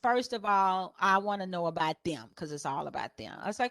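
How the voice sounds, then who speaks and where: A woman photographer sharing business advice on a panel. She tells stories and acts out her customers' questions in a higher voice, laughing often. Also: fast, hardly any pauses, no echo, clean studio sound. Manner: lively storyteller who acts out customers in a higher voice; laughs often while talking.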